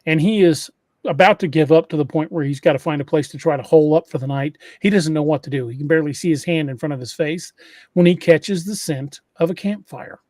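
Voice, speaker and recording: A man's voice: fairly high pitch, a little fast, darkish tone, no room sound, clean studio sound. A man hosting a podcast, retelling an eerie encounter story in a casual way, often restarting phrases. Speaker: podcast host.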